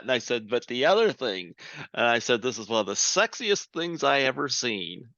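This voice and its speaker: A man hosting a podcast interview, telling stories in a rambling, excitable way with many restarts. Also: mid-range voice, moderate pace, no room sound, lo-fi sound. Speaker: podcast host. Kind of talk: casual interview chat.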